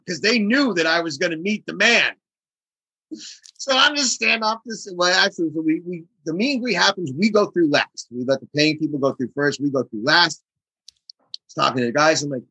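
A man with a bright, somewhat husky voice tells a story in a casual interview. He speaks with lively energy and acts out the other people in it. The sound is dry and close. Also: sits high, fast talker, dry recording, rough recording. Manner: animated storyteller acting out quoted voices. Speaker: guest drummer.

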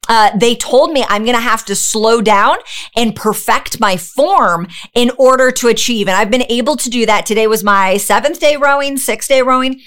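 Woman podcast host, fairly high voice, fired-up motivational monologue with a preacher's edge. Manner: energetic, preachy, talks straight to the listener with rhetorical questions.

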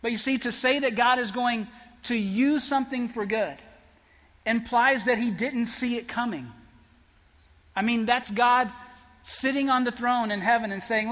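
A man preaching a sermon as pastor, earnest, building to emphatic peaks and then dropping soft. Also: very high-pitched, unhurried. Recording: long hall reverb.

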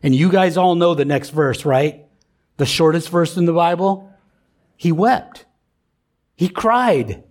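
A middle-aged man with a high-pitched voice delivers a sermon to his congregation. He speaks in a conversational, emphatic way and keeps asking his listeners to respond. The tone stays that of a pastor talking directly to his church. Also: takes it slowly, long pauses, a little mellow.

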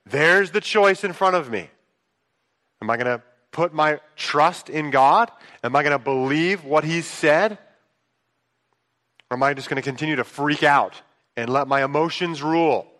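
Male pastor, casual storytelling sermon, bright forceful voice, big reverberant church room. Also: a little high, a little slow. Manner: conversational storytelling, swings between hushed asides and excited outbursts. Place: church sanctuary. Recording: long reverb of a large hall.

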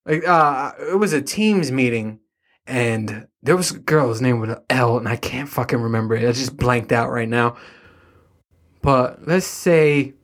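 A young adult man telling rambling, profane stories in a casual monologue to his listeners, with exasperated asides. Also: mid-range voice. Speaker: solo podcast host.

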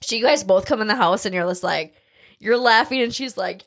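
A woman telling a story in casual chat, animated and blunt, laughing often. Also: mid-range voice, a little fast, no room sound, studio quality.

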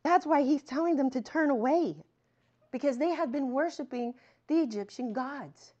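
Animated woman giving a casual Bible lesson. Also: high voice, moderate pace. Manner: conversational, animated asides, reads scripture aloud. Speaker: Bible teacher. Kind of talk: teaching sermon. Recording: muffled lo-fi sound.

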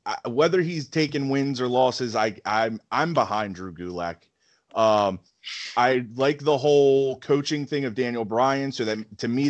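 A man co-hosting a chat show, talking casually and hesitantly with many ums and stammered restarts. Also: medium pitch. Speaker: podcast co-host.

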